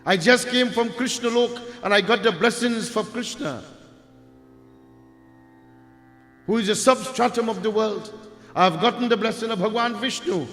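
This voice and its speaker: A man voicing an enraged, proud warrior sage who shouts threats in a devotional storytelling. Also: high voice, brisk, roomy sound, in a large hall, soft background music, voice pushed up.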